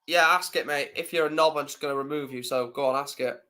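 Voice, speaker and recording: A man hosting a football reaction stream, shouting the goals in excitable play-by-play commentary and swearing freely. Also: fairly high pitch, fast. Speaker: live stream host doing football reaction.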